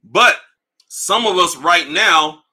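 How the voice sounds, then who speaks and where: A man hosting a livestream, ranting in a casual, profane way, animated and repeating himself. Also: sits high, slow. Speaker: livestream host. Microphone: livestream mic.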